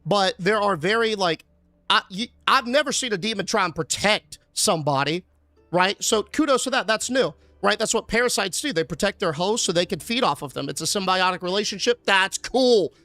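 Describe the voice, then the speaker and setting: A man's voice: sits high, moderate pace, no room sound. A male streamer recapping a horror film in a casual, sarcastic rant, cursing now and then. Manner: animated, sarcastic, swears casually.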